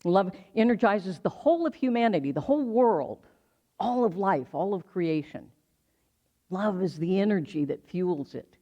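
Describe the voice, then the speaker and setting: An older minister from the United States gives a slow, reflective sermon in a middle-pitched voice. They weave personal memory into the message and lean on repetition for emphasis. The stream audio is slightly dull and lo-fi. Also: lively intonation, warm tone. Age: 60s.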